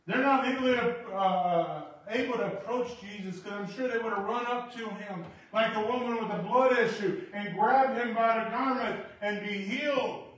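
A man preaching a sermon, animated and swinging from quiet asides to shouting. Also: high-pitched, moderate pace. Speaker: pastor. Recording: echoey hall, from far off.

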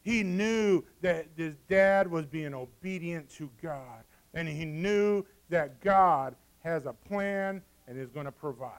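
Man, pastor, sermon, high pitched, smooth resonant voice, dramatic hushed-to-loud delivery. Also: slow, few pauses. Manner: dramatic preaching, acting out scripture dialogue.

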